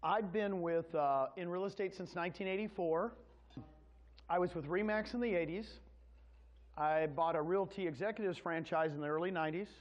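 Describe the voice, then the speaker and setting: A man's voice: sits high, moderate pace. A middle-aged man giving a sales presentation to an audience, telling his story in a folksy way and speaking directly to the crowd. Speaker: real estate presenter. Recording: dull lo-fi sound.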